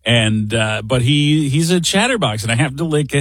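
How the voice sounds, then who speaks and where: A man's voice: mid-range voice, lively intonation, moderate pace, fairly bright tone, dry recording. A middle-aged man hosting a show, telling a casual story in a chatty, wry, self-deprecating way. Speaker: radio show host.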